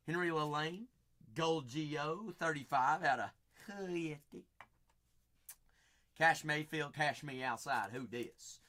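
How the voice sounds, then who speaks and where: A man hosting a live card break stream, rattling off buyers' names with playful, sing-song banter and sudden loud bursts. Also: fairly high pitch, slow pace, pauses often.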